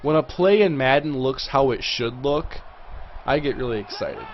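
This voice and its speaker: A man hosting a livestream, chatting casually through live gameplay commentary and reacting loudly to big plays. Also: mid-range voice, animated, moderate pace, lo-fi sound, slight background noise. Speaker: livestream host.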